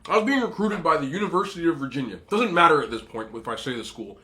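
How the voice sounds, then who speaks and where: A man's voice: fairly high pitch, animated, fast talker, sharp tone. A young man hosting an eating show, telling a rambling story casually with lots of asides and laughter. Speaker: mukbang host.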